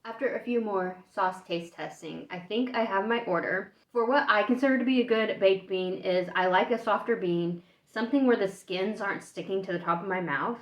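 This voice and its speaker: A woman's voice: mid-range voice, normal speed, few pauses. Chatty woman vlogging in an echoey room. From United States. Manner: chatty, thinking aloud while tasting. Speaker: food vlogger. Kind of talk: casual taste-test vlog. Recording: echoey room, dull lo-fi sound.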